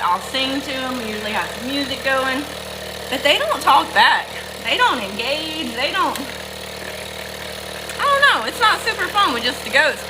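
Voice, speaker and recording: A middle-aged woman with a Southern US accent, chatting folksily on a livestream and greeting viewers by name while milking goats. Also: high-pitched. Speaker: livestream host. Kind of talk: casual livestream chat. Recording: noisy with machine hum. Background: milking machine running.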